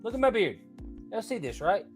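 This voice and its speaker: A man's voice: high voice, sing-song, fairly quick, soft background music. An American man ranting to his viewers in a heated, profane way, repeating himself and arguing back at chat. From United States. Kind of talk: heated casual rant.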